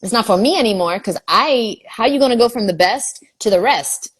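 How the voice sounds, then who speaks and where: A woman's voice: on the high side, expressive, brisk, husky. A woman from New York, a guest in a casual video chat, talking bluntly and brashly and swearing freely.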